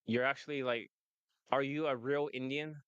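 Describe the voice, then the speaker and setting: A man's voice: mid-range voice, steady tone, normal speed, fairly bright tone, smooth, no room sound, lo-fi sound. A man coaching on dating, talking brashly and laughing often in casual chat. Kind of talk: casual monologue and phone call.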